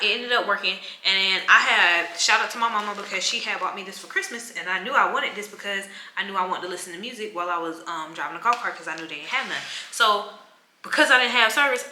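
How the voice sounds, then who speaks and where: A young woman tells an animated, casual vlog story and acts out the people she quotes. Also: mid-range voice, quick pace, echoey room. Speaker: travel vlogger.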